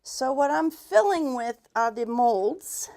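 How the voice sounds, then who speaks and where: A woman's voice: sits high, lively intonation, slow, darkish tone. A woman giving a live craft demonstration as a paint retailer, talking in a chatty, rambling way with restarts and muttered asides, a bit out of breath.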